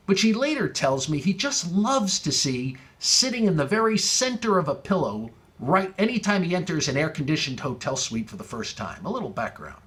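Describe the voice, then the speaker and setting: A man's voice: fairly high pitch, normal speed. A man telling a comic story in stand-up style, full of wordplay and building to punchlines. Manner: wordplay-heavy, rising excitement in punchlines. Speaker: comedian.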